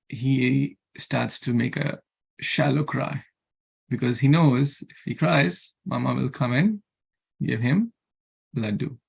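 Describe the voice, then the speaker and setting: Gravelly-voiced man preaching earnestly. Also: medium pitch. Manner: earnest, repetitive, asks rhetorical questions; chants mantras and Sanskrit verses. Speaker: scripture class speaker. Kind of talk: sermon.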